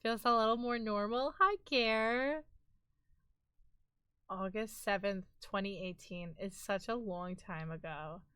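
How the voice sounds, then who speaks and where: A woman's voice: mid-range voice, slow pace, pushed and bright, clear, resonant tone, dry recording. A woman hosting a live stream, chatting casually with viewers in a playful, teasing, mock-dramatic way. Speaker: livestream host.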